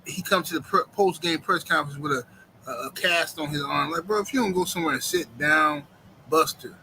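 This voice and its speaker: A man hosts a live stream from home, and his voice sits high and very bright. He talks in an animated, joking, slangy way. Faint noise hums behind him. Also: poor audio. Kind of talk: casual live stream chat.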